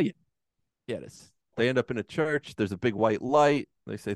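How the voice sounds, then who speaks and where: A man's voice: mid-range voice, moderate pace, darkish tone, no room sound, studio quality. A man co-hosting a casual podcast, ranting heatedly and swearing often. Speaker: podcast co-host.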